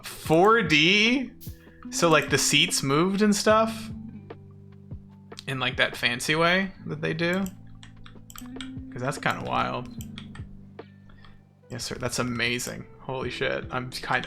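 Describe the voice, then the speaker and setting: A man's voice: medium pitch, takes it slowly, creaky, pauses often, music in the background. A man streaming a game, chatting casually and sarcastically with his chat. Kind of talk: casual chat while gaming.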